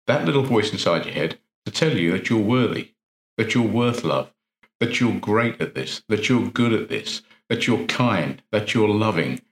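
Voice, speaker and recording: Earnest low-voiced man coaching. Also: a bit bright. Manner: earnest, rhetorical questions, repeats phrases for emphasis. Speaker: NLP practitioner and coach. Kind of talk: motivational talk. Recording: roomy echo.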